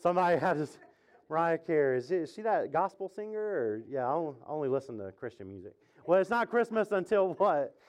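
Chatty, jokey pastor with a high voice. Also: male voice, very animated, fairly quick, a little mellow. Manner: chatty, jokey, asks the congregation questions. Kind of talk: casual conversational sermon. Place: church sanctuary with congregation.

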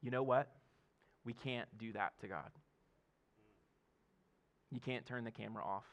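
A man's voice: mid-range voice, measured pace. A man in his thirties, a pastor, giving a conversational sermon with laughs and frequent "okay?" check-ins to the congregation.

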